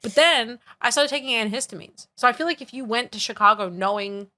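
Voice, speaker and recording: Female co-host, quick and bright, playful teaser, casual swearing. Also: fairly high pitch. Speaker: podcast co-host. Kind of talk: casual chat. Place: at a table with co-hosts.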